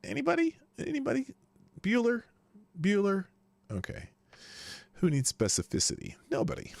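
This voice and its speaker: On a dry recording, a man with a medium-pitched voice hosts a live news stream. He keeps it casual, greeting viewers by name and often leaving sentences unfinished.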